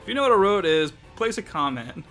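A woman's voice: mid-range voice, big pitch swings, moderate pace, fairly bright tone. A woman hosting a co-op let's play, chatting, giggling and reading game text aloud. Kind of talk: casual gameplay chat. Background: game music.

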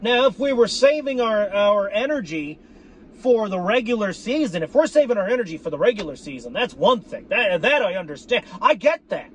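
A man with a rather high voice delivers a worked-up fan rant straight to his viewers. He swears freely, circles back over his own phrases and keeps calling his audience "folks". A faint hum of noise sits underneath. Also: big pitch swings, moderate pace. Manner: profane, repetitive, addresses viewers as folks. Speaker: sports fan vlogger. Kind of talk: ranting fan commentary.

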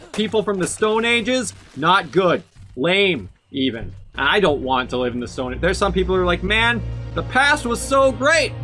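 A man streaming video games, giving sarcastic, excitable commentary that bursts into shouts. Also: high voice. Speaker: gaming streamer. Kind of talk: casual gameplay commentary.

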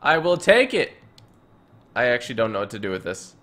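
A young man chats and jokes through a co-op game session with a quick, playful delivery. His voice is bright and forceful, with a very lively swing in pitch. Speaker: gaming YouTuber. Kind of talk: casual multiplayer let's play chat.

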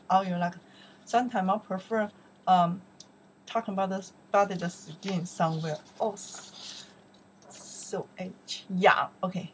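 A woman with a Chinese accent teaching vocabulary, saying each word loudly and explaining it more softly in English. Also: mid-range voice, fairly even intonation, a little slow, breathy edge, low-quality recording. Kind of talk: vocabulary lesson, repeating words aloud.

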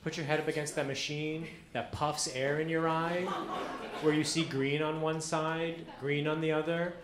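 A man performing a stand-up comedy set on a club stage, telling deadpan stories with acted-out quotes. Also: on the high side, normal speed. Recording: echoey club with audience noise. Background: audience laughter.

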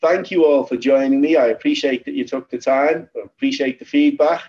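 A man's voice: mid-range voice, fairly quick. A man with a Liverpool accent hosting a trading webinar, talking informally and repeating himself as he explains charts. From Liverpool, England. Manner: chatty, repetitive, lively storytelling. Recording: slightly dull lo-fi webinar audio.

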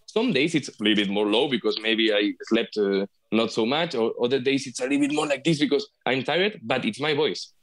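A man from Spain with a Spanish accent, a flute player speaking as a guest over a video call in casual interview talk, halting and restarting often with repeated words. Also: medium pitch, a bit bright.

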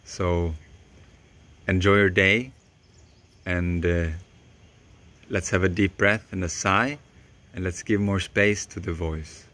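Slow calm guy teaching voice stuff, lowish voice, lots of pauses. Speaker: voice coach. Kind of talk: spoken voice lesson.

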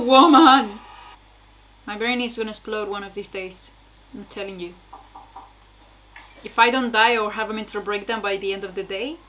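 A woman's voice: medium pitch, steady tone, brisk, long pauses, a bit bright, a little hiss or hum. A young woman casually reacting aloud to a TV episode, exclaiming, swearing and laughing between remarks. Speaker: reaction video host.

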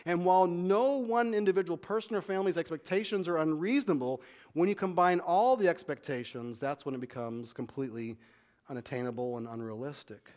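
A man's voice: a little high, a little mellow. A man pastor preaching a sermon in a conversational way, often restarting and repeating words. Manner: conversational preaching, acts out quick back-and-forth dialogue.

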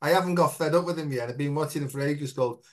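A man's voice: fairly high pitch, fast talker. A man hosting a casual conversation, blunt and laughing easily, with casual swearing. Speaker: host.

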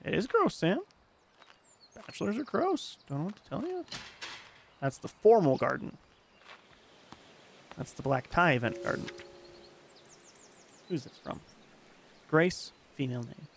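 Brief: a gravelly man commenting on a game stream, self-mocking, with a bouncy, animated delivery. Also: a little high, measured pace, long pauses, a little hiss or hum. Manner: rambling, self-mocking, reads game text aloud.

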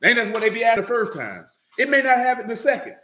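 A man's voice: very high-pitched, sing-song, quick pace, bright, forceful tone, reverberant. A man giving a loose, conversational sermon, talking directly to listeners and often checking they follow him. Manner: talks loosely and directly, often asking "you know what I'm saying". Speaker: preacher.

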